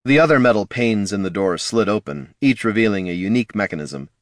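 A man narrating an adventure story in a lively, expressive reading voice. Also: on the low side, fairly quick, no echo, clean studio sound. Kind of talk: audiobook narration.

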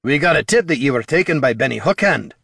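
A man voicing a gruff, blunt male dwarf adventurer who talks in plain, folksy slang, in a dry studio read. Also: medium pitch, lively intonation, fast, fairly bright tone, no room sound, pitched above the performer's own voice, heavily acted.

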